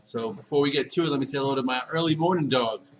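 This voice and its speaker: A man from Long Island, hosting a casual morning stock market livestream and giving energetic shout-outs to viewers. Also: mid-range voice, fast, rough recording. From Long Island, New York. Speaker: stock market show host.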